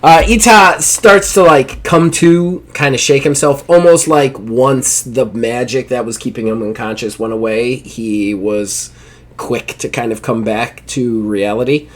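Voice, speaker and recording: A man's voice: mid-range voice, fairly even intonation, a little slow. A man narrating a live-play tabletop game as game master, chatty and apologetic, laughing often.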